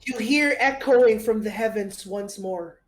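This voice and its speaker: A woman narrating a tabletop game as game master, unhurried with frequent fillers. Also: medium pitch, soft background music.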